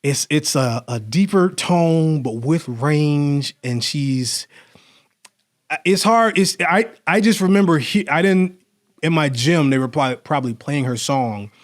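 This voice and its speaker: A man co-hosting a podcast in casual chat, animated and rambling, often restarting his sentences. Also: on the high side, unhurried. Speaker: podcast co-host.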